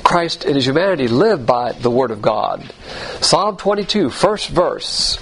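Gravelly-voiced man teaching a sermon. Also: medium pitch, animated, fairly bright tone, a little hiss or hum, low-quality recording. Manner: spells out Greek words letter by letter, measured teaching delivery. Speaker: Bible teacher. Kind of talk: expository sermon.

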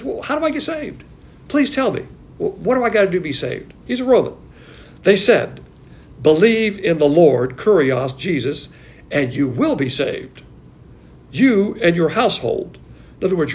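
Animated, emphatic man preaching a sermon. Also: fairly high pitch, gravelly, slight background noise. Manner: animated, emphatic, conversational, with frequent laughs.

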